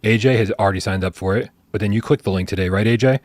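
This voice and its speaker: A man with a fairly low voice hosts a live gaming chat show, teasing his co-hosts and rambling through restarts. His voice is recorded close and dry, with no room sound. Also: very fast, dry recording. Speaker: podcast host. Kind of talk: casual livestream chat.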